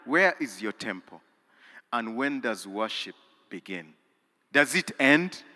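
A man preaching a sermon in a large cathedral, swinging from hushed lines to loud, emphatic peaks and repeating words for emphasis. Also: lowish voice, expressive, slow. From Uganda. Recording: long hall reverb.

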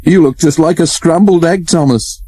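Man playing a wry train driver, teasing, raised pitch, storybook. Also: normal speed, warm tone, no echo, natural voice. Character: amused practical male engine driver.

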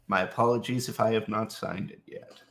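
A man hosting a live autograph signing, chatting casually and greeting viewers by name, slightly sick so his voice sits a little deeper than usual. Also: steady tone, fairly quick, fairly bright tone. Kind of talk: casual livestream chat.

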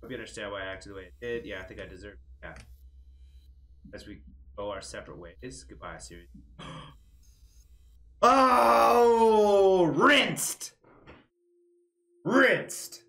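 A man's voice: low voice, quick pace. A young man streaming a game, reading its text aloud and reacting with casual, joking commentary. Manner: animated, jokey, swears casually.

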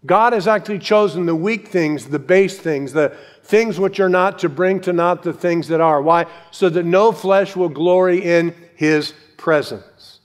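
A man's voice: sits high, measured pace, hardly any pauses, big-room sound. A man preaching a sermon as pastor, earnest and emphatic, repeating key phrases for weight. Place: church sanctuary with congregation.

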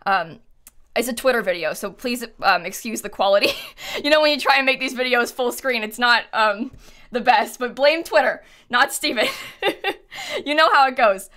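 A young woman streamer with a bright, crisp voice, sitting a little high in pitch. She chats quickly with lots of ums and likes and giggles. She rattles off names from the chat as she goes. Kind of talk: live-stream chat, reading donations.

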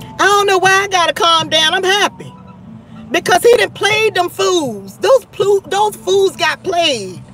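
A woman in her thirties hosting a live stream, chatting in a lively, gossipy way and calling her viewers "child" and "honey". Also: very high-pitched, measured pace. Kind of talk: casual live-stream chat.

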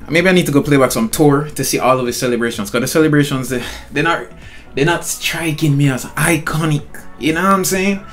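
A young man, excitably commentating his own football gameplay in a slangy, chatty way, talking straight at the screen. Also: a little high. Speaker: gaming channel host.

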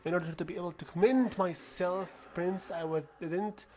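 A gamer with a non-native accent narrating a stealth game in a calm, coaching way, often dropping to a whisper. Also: mid-range voice, normal speed. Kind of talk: gameplay commentary.

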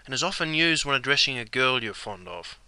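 A man with a gravelly voice and an Australian accent, explaining slang in a broad, matey, deadpan way for a comedy sketch. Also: medium pitch, a little fast, no room sound. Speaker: comic host explaining slang.

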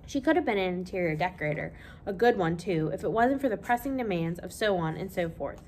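Expressive woman reading a children's novel. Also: lowish voice, a little fast, slight background noise. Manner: expressive, lively storytelling. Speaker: children's librarian.

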